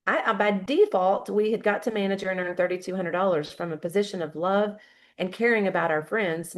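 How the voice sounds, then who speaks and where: A woman in her fifties, a guest speaker giving a fired-up motivational talk full of storytelling. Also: mid-range voice.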